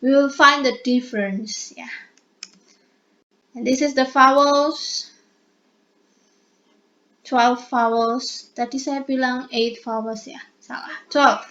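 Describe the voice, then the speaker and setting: Slow, patient Indonesian-accented woman lecturer. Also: high-pitched, steady tone, a bit bright. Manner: mixes English and Indonesian, slow and explanatory. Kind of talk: online lecture. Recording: dull lo-fi recording.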